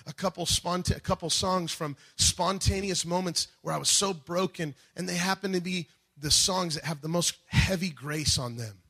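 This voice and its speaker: A man preaching a sermon, moving between quiet reflection and loud, emphatic calls. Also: high-pitched, slightly rough. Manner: dynamic preaching, swings from soft to shouting. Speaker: pastor.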